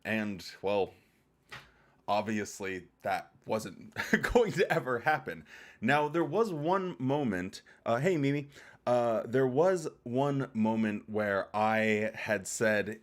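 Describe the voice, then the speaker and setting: A man's voice: fairly low pitch, expressive, takes it slowly. A man hosting a casual livestream, greeting viewers in chat by name and chatting in a loose, rambling, joking way. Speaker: livestream host.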